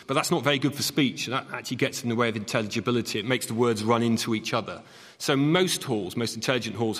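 A man who is an acoustics expert, clearly explaining how halls are designed. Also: mid-range voice, fairly bright tone. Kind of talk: explaining on a panel. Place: concert hall used as studio. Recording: long concert hall reverb.

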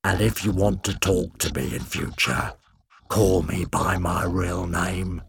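A man voicing a cold, menacing male killer in a storybook reading, speaking slowly and quietly. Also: sits low, gravelly, husky, no echo, studio quality, full character voice. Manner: slow, quiet, threatening.

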